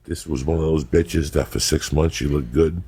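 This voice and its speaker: A man's voice: a bass voice, steady tone, normal speed, very noisy. A middle-aged man hosting a podcast, telling rambling, profane stories and laughing often as he goes. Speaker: podcast host. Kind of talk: casual podcast storytelling.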